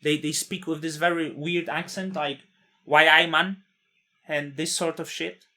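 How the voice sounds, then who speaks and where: A man's voice: fairly high pitch, steady tone, moderate pace, a bit bright. A man in his thirties, not a native English speaker, telling a personal story in a candid, blunt way, with swearing and frequent restarts.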